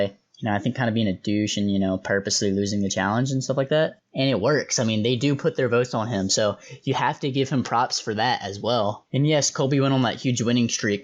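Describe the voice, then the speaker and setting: A young man casually reviewing players, talking in a chatty, opinionated way with loose slangy asides. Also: mid-range voice. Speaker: host reviewing reality show contestants. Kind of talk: casual commentary.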